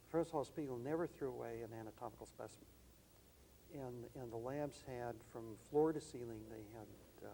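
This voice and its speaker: Gravelly, mellow-voiced older man. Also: medium pitch, a little hiss or hum, poor audio. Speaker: interview guest. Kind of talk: reminiscing conversation.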